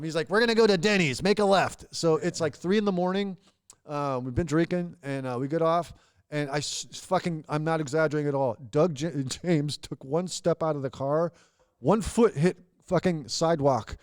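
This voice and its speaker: A man's voice: a little high, normal speed, smooth. A man, a comedian, telling loose, profane stories in casual chat and laughing through them. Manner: animated, swearing, laughs through his stories. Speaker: comedian guest.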